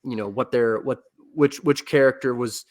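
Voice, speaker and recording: A man's voice: mid-range voice, normal speed, a little mellow. A man speaking as a podcast guest in casual chat, lecturing with enthusiasm about history and a novel, often restarting his sentences and filling gaps with "like" and "you know". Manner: rambling, with frequent restarts and filler words.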